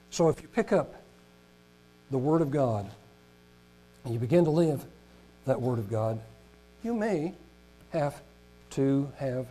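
A man preaching a sermon who reads long lists aloud, stumbling over pronunciations and rising to loud emphatic peaks before dropping low and quiet. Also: low-quality recording. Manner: rises in pitch and volume on emphatic points, drops low and soft on solemn ones. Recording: mains hum in background.

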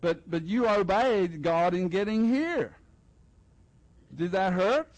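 A man's voice: sits high, lively intonation, slow pace, darkish tone, dry recording, low-quality recording. An older man preaching a festival sermon in a loose, joking, conversational way, acting out little dialogues with the congregation. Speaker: pastor. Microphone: headset mic.

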